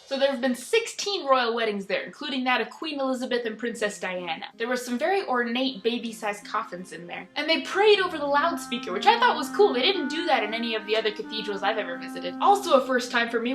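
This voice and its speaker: A young woman telling travel stories in a chatty, excitable, geeky vlog. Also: on the high side, brisk, few pauses, over music. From United States. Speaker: travel vlogger. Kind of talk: casual storytelling vlog.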